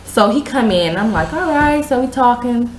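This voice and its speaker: A woman hosting a casual chat show, telling a long story with slang and acting out the other people's lines in a higher voice. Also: fairly quick, echoey room, a little hiss or hum, poor audio. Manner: animated, slangy, acts out quotes in a higher voice. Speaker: show host.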